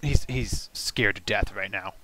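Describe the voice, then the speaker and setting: A man narrating a tabletop game as game master, casual and halting as he describes the scene. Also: lowish voice, sharp tone, slight background noise.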